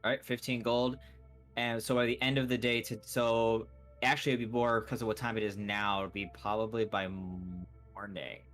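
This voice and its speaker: A man voicing a gruff male shopkeeper with a put-on Brooklyn accent and a smoky, gravelly voice, rambling as he haggles over prices in a tabletop game. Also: on the low side, little pitch movement, normal speed, fairly bright tone, soft background music, close to an everyday voice. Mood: haggling. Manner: rambling, haggling, self-correcting. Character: gruff male human shopkeeper, haggling chain-smoker type.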